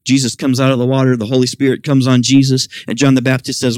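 A middle-aged man preaches to his congregation with lively, expressive delivery. His voice sits at an ordinary pitch and jumps higher when he acts out questions. The sound is close and dry, with little room echo. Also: fast talker, hardly any pauses. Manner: animated preaching, voicing quoted questions in a raised pitch. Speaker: pastor. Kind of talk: sermon. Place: church service.

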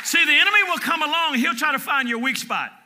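A man in his fifties preaching a sermon from Michigan, shouting call-and-response lines and chanting repeated words. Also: very high-pitched, quick pace, a crowd in the background, background noise. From Michigan, USA. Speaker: pastor.

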